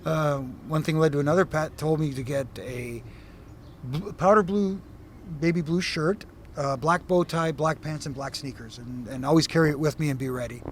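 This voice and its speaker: A middle-aged man from Canada talks in a fairly high voice. He tells his stories in a lively, rambling way, with lots of uhs and restarts, and a faint hum of a busy venue sits behind him. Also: normal speed. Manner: animated storyteller, frequent fillers and restarts. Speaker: former wrestling referee, guest. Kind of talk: casual interview chat.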